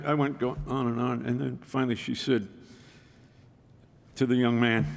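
A man's voice: mid-range voice, level tone, normal speed, creaky, pauses often. A man giving a folksy, self-deprecating storytelling talk with frequent restarts. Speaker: speaker. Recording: reverberant hall.

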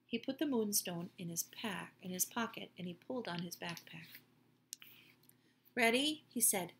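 A woman reading a children's book aloud in a gentle, expressive way. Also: fairly low pitch, normal speed, slight background noise. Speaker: storyteller.

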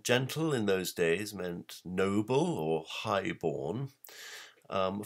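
Brief: male presenter, very low voice, emphatic explainer who asks rhetorical questions. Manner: emphatic, poses rhetorical questions, reads verse aloud. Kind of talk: explanatory talk.

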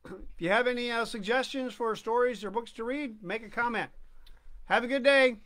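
A man hosting a reading channel, reading a classic short story aloud slowly and deliberately, with dramatic pauses. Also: extremely high pitch, very noisy. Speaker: host and story reader.

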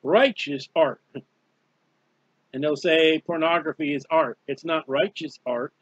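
A man's voice: fairly high pitch, fairly even intonation, a little slow, no echo. A man preaching a fervent, emphatic Bible study sermon, repeating key phrases. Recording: dull lo-fi dry recording.

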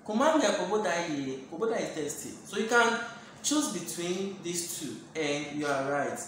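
A man from Ghana teaching a language lesson, saying each phrase slowly several times over. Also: a little high, animated, fairly bright tone. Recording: very echoey room, faint background noise.

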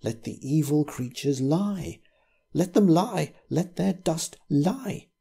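A man reading the part of a frightened, feverish old male vicar who whispers furtively and breaks into quavering outbursts, with a husky voice. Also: a little slow, full character voice. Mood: raging. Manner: hushed whispering turning to shrill outbursts.

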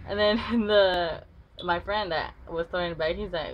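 A woman's voice: lowish voice, steady tone, a little fast. A woman vlogger telling a school story casually, rambling with many fillers and free swearing. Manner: rambling, lots of "like", swears freely. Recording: slightly dull with faint noise.

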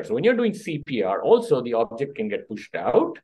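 A man's voice: mid-range voice, big pitch swings, normal speed, darkish tone, slightly rough, poor audio. A middle-aged man, a doctor giving an interactive first-aid workshop who keeps checking in with his audience. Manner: checks in with the audience, asking "okay?" and "right?". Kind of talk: interactive health workshop talk.

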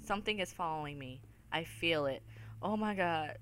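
A woman with a low voice hosts a horror game let's-play at a moderate pace, with slight noise in the background. She's jumpy, swears, and lets out loud, frightened cries while calling her viewers "y'all."

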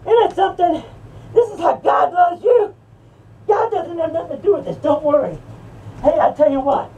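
A sneering male horror ghoul, put on by a woman, jeers and taunts, his high voice grinding with gravel as he breaks into shouts and cackles. He sounds set back from the mic, with a faint hiss of noise around him. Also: lively intonation, moderate pace, far from the mic, highs cut off. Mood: taunting. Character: sneering male horror character mocking a church. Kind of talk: improvised character rant.

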